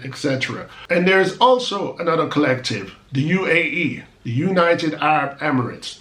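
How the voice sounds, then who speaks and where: A man delivers an emphatic, argumentative monologue to his channel's viewers and brushes off critics with rhetorical asides. His voice sits a little high for a man. The sound bounces around a roomy space. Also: a bit bright. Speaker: channel host. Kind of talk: opinion monologue to camera.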